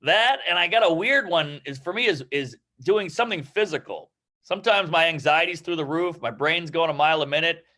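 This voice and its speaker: A man's voice: a little high, brisk, sharp tone. A man, a stand-up comedian, giving brash, self-mocking advice to a class in casual, profane chat. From New York. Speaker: guest comedian.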